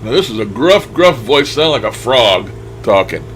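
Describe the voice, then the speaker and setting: A man's voice: medium pitch, very animated, moderate pace, a bit bright, slight background noise, poor audio. An older man talking casually over recordings he plays back, musing aloud and chuckling as he trails off. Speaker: paranormal radio session host. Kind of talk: casual commentary over playback.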